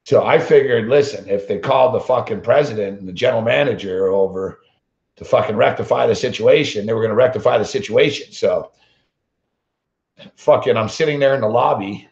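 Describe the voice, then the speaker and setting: A man's voice: fairly low pitch, brisk, creaky, darkish tone. A man hosting a sports betting show, telling a long story as a blunt, combative rant full of swearing. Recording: roomy, dull lo-fi sound.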